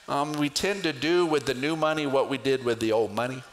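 A middle-aged man preaching a sermon, telling a personal story with lively swings in pitch. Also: brisk, few pauses, poor audio. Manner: storytelling with animated pitch jumps in acted prayers. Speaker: pastor.

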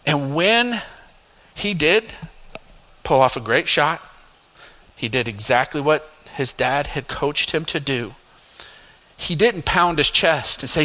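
A middle-aged man preaching as a pastor, telling a personal story with laughing asides and emphatic highs. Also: animated, takes it slowly, long pauses, bright, forceful tone. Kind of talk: sermon storytelling. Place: church sanctuary. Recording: long hall reverb.

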